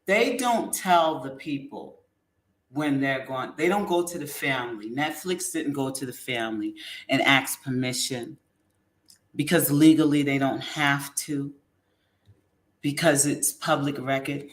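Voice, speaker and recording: A woman hosting a casual commentary show, rambling and halting with many ums. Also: very deep voice. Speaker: host.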